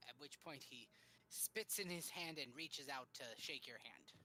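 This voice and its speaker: A woman narrating as game master of a tabletop game, calm and dry, with hesitant fillers. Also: low voice, normal speed, slight background noise.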